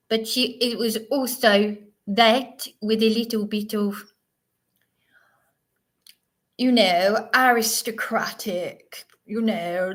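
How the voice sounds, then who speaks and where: Speaking at a medium pitch with a slightly bright tone, this livestream host, a woman in her 30s, moves unhurriedly through a monologue. She wanders off on tangents and keeps restarting her sentences.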